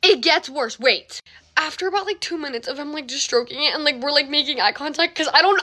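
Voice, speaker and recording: Bright, high-voiced young woman telling a story. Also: normal speed. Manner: animated, dramatic, filler-heavy, swings into whispers and shrieks. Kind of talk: casual storytime.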